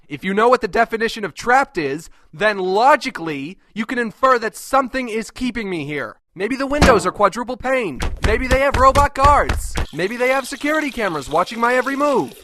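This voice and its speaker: A man's voice: very high-pitched, sharp tone, no room sound, heavily acted. A man voicing a crude, abrasive cartoon host who answers fan mail with contempt and constant swearing. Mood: indignant. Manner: foul-mouthed, contemptuous, ranting. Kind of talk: animated web comedy sketch.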